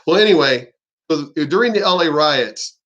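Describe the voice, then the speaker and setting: A man's voice: fairly high pitch, animated, moderate pace, fairly bright tone, dull audio. A man ranting on his vlog, heated and profane. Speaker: vlogger. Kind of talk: casual rant.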